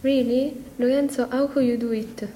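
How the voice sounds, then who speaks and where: A woman playing an upset young friend in an amateur class radio play, reading her lines slowly. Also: high-pitched, steady tone, warm tone, lightly acted, poor audio. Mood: shocked.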